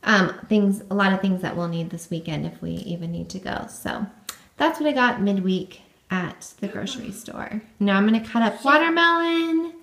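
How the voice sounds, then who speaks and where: A woman's voice: mid-range voice, lively intonation, moderate pace, vocal fry, fairly bright tone. Chatty upbeat young woman vlogger. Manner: chatty and upbeat, often saying "like" and "um". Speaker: family vlogger. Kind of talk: casual vlog narration.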